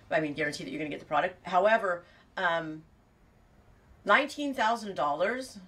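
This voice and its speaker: A woman's voice: fairly low pitch, pushed and bright, recorded from a distance. A woman from California chatting casually and rambling as she reads out viewer comments, laughing often. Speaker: farm vlogger reading viewer comments. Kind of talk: casual chat.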